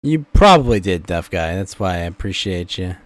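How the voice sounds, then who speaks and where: A man's voice: low-pitched, very animated, normal speed, dry recording. A man hosting a streamed podcast, joking around and answering his chat. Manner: playful, reads and answers chat.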